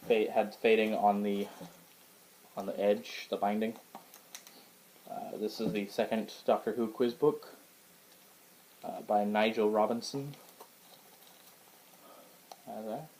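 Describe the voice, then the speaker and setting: A man's voice: medium pitch, dark tone, a little hiss or hum, poor audio. A man casually showing his book collection to the camera in a rambling, hesitant way, with lots of fillers and restarts. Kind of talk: casual show-and-tell vlog. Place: indoors at home.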